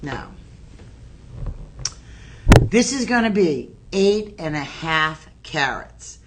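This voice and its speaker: A woman hosting a live shopping stream, talking straight to viewers in a chatty, excitable sales pitch while filming on her phone. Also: drawn-out words, heavy background noise. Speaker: shopping channel host.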